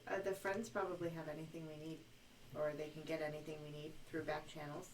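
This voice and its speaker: A woman's voice: sits low, little pitch movement, a little fast, far from the mic, a little hiss or hum. A woman chatting casually at a tabletop game with dry jokes.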